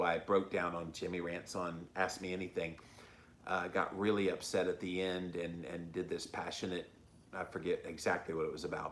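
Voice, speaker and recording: A man's voice: low-pitched, a bit bright, echoey room, a little hiss or hum. A man hosting his own show, talking earnestly and emotionally straight to his viewers in a casual, confessional way. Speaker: host. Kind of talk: casual talk to camera.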